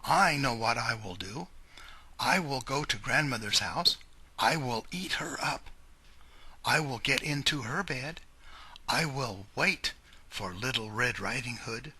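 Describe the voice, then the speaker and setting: A man's voice: medium pitch, animated, unhurried, pushed and bright, slightly rough, full character voice. A man voicing a sly male wolf from a storybook, often whispering as he plots. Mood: gleeful. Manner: sneaky, gleeful, with whispered scheming.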